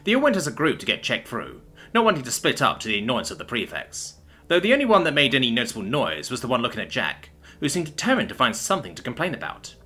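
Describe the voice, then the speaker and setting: Animated bright-voiced male narrator. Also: mid-range voice, quick pace, husky, soft background music. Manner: expressive, animated reading. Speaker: narrator and author. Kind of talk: scripted story narration.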